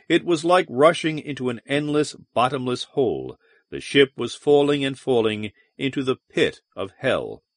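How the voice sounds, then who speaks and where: A man narrating a science fiction audiobook in an expressive, dramatic reading on a close mic. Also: mid-range voice, normal speed, dry recording.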